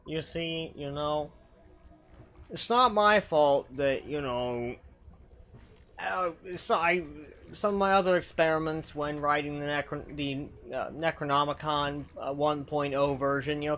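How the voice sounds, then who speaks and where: A man streaming a game and chatting casually, swinging between mumbling and loud, swearing exclamations. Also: on the high side.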